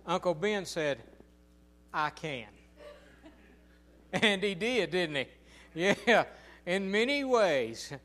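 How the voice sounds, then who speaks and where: Slow, folksy older preacher. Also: male voice, high-pitched, expressive, fairly bright tone. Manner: folksy storytelling with emphatic, drawn-out phrases. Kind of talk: sermon.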